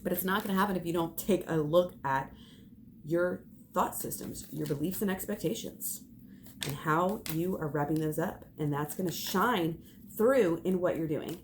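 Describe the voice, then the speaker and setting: Young woman tarot host, low-pitched, emphatic and fervent, faint background hiss. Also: moderate pace. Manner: fervent and emphatic, swearing and laughing. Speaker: tarot reader. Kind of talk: spiritual pep talk to camera.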